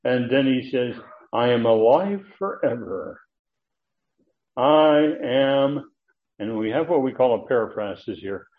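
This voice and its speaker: A man's voice: medium pitch, lively intonation, measured pace. A man preaching an expository sermon, explaining Greek grammar with frequent fillers and rising emphasis. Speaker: preacher teaching Bible study. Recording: tinny phone-like line.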